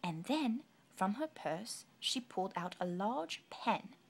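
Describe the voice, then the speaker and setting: A woman reading a children's story aloud with expressive, playful narration. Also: medium pitch, slow, vocal fry. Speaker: audiobook reader.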